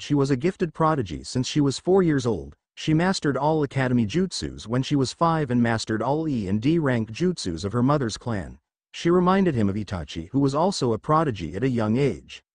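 A man narrating a fan fiction story in a steady reading voice. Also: medium pitch, no echo.

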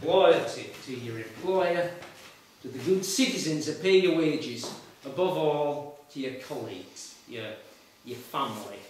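A man's voice: on the high side, lively intonation, a little slow, a little mellow. An actor playing an aggrieved, blustering middle-aged male traffic warden in a live monologue. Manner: blustering, rambling, self-pitying, with sudden bursts. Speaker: actor in a solo stage show. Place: meeting room with a live audience. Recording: echoey room, voice from far off.

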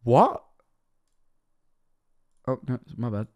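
A man's voice: medium pitch, wildly swooping pitch, very slow, darkish tone, highs cut off. A young man casually reacting to videos on stream, rambling, swearing freely and laughing often.

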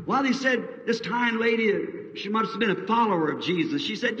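Fervent high-voiced preacher on old hall tape. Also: male voice, lively intonation, brisk, hardly any pauses, fairly bright tone. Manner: fervent folksy storytelling, voice surging to cries; colloquial country grammar. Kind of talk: revival sermon. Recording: dull old sermon tape, distant mic in a reverberant hall.

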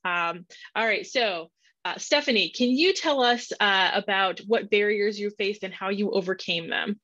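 A woman's voice: mid-range voice, moderate pace, fairly bright tone. A woman moderating a career panel, praising a speaker and introducing the next. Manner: encouraging, upbeat. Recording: dull lo-fi sound.

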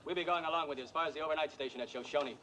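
A man playing a brisk cavalry lieutenant. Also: a little high, close to an everyday voice. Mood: urgent. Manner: brisk, official. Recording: outdoor film soundtrack with background noise.

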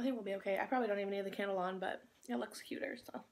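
A woman's voice: medium pitch, steady tone, fast talker, gravelly, hardly any pauses, a little hiss or hum. A young woman vlogging into her phone, chatting in a bubbly, rambling way and talking with her mouth full while she eats. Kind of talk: casual chat while eating.

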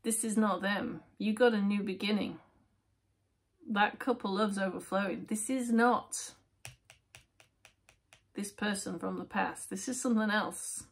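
Husky woman reading tarot. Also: mid-range voice, fairly even intonation, a little slow, long pauses. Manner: chatty, with frequent fillers, dropping to near-whispers at times. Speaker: tarot reader. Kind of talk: casual tarot reading to camera.

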